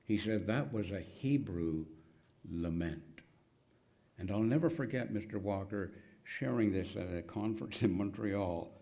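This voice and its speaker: Male preacher, low voice, unhurried sermon delivery with dramatic loud and hushed moments. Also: gravelly. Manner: slow, dramatic preaching with sudden loud cries and hushed whispers.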